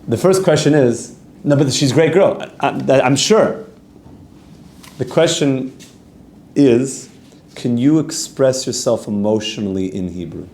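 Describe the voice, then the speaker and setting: A man's voice: mid-range voice, a little mellow, roomy sound, a little hiss or hum. A man, a rabbi giving an earnest, conversational Torah class, reading Hebrew text aloud and translating it as he goes. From Canada.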